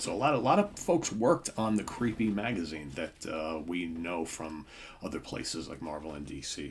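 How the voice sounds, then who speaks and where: A man in his fifties hosting a comic book show, rambling casually with lots of fillers and asides. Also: sits low. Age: 50s. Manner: rambling, filler-heavy, with many asides and tag questions. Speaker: comic book podcast host. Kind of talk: casual show-and-tell commentary.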